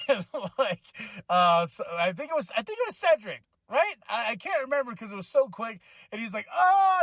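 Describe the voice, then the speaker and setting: A man with a high, bright voice reviews a wrestling show on his podcast in an excitable, casual way. He swears freely and laughs often. The recording is dry and close. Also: no room sound. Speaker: podcast host.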